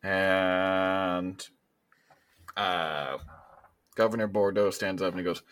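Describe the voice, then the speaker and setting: A man narrating a tabletop game as game master, relaxed and with fillers. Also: low voice, takes it slowly, long pauses.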